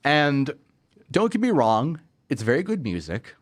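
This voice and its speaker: A man's voice: medium pitch, huge pitch swings, a little slow, no room sound. A young man hosting a casual movie review chat, sarcastic and laughing often. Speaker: podcast host.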